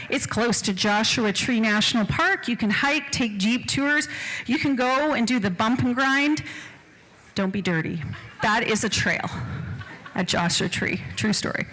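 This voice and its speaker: A woman running a live charity auction, rattling off bids fast and joking with the crowd. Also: a little high, bright, forceful tone, rough recording. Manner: rapid bid calling, joking with the crowd. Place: event hall.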